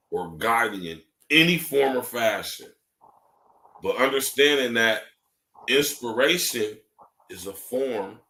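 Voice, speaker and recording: Animated man hosting a podcast, echoey room. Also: lowish voice. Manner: animated storyteller, swears, many filler tags. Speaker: podcast host. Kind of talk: casual podcast chat.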